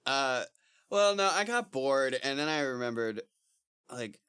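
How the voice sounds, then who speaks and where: Male podcast co-host, lively pitch, profane joker, dry close recording. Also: slow, smooth, no room sound. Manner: animated, profane, joking. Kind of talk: casual chat.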